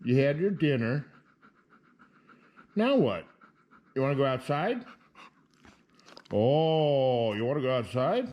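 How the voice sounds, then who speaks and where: A man vlogging casually, switching to a high sing-song voice for his dog and talking easily to the camera. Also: a little slow, long pauses. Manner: relaxed, easygoing narration. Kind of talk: casual vlog chat. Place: at home with a dog.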